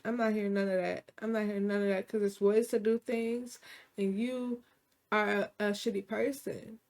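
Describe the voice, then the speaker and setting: A woman's voice: mid-range voice, steady tone, moderate pace, vocal fry, darkish tone, natural voice. A woman quoting a betrayed wife who talks bluntly and dismissively. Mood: fed up.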